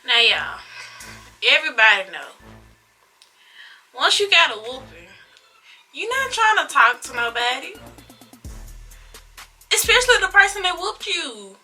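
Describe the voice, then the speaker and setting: A young woman of eighteen talks straight to her viewers, taking her time and drawing her words out in an expressive, casual storytime. Her voice is very bright and sits a little high. Faint music plays softly behind her. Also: unhurried, pauses often. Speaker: vlogger.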